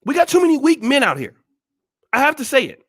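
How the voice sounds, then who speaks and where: Male vlog host, very high voice, preachy and forceful, tough-love rant. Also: wildly swooping pitch, fast talker. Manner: blunt, scolding, repeats rhetorical questions. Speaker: channel host. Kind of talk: blunt motivational monologue.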